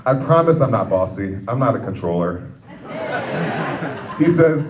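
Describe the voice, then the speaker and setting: A man performing a pun-filled stand-up routine on a comedy club stage, telling a story and putting on quick voices for his family. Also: mid-range voice, background noise. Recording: roomy club recording from far off, loud crowd.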